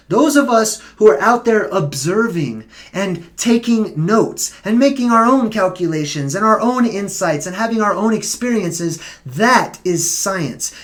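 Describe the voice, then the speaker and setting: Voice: mid-range voice, a bit bright. Emphatic live-streamer arguing a point. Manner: emphatic, argumentative, with rhetorical questions. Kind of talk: casual live-stream commentary.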